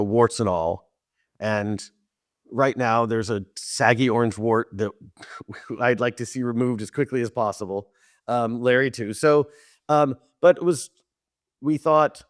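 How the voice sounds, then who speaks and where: A middle-aged man recalls work stories as a podcast guest. His voice sits at an ordinary pitch, and he talks with bursts of animation, frequent laughter and plenty of false starts. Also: no echo, clean studio sound. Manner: animated, laughs often, many restarts and fillers. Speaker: TV director and writer, guest. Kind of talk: casual interview storytelling.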